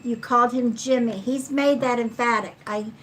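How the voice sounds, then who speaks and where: A middle-aged woman giving a live psychic card reading in a slow, chatty way, counting cards aloud. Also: fairly high pitch, fairly even intonation, a bit bright, slight background noise, low-quality recording. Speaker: psychic reader.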